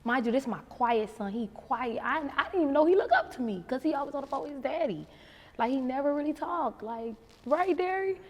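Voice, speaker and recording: Animated woman telling stories in a reverberant room. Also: brisk. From Miami. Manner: animated, acts out quotes with big pitch jumps. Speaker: guest, actress and rapper. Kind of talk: casual interview storytelling.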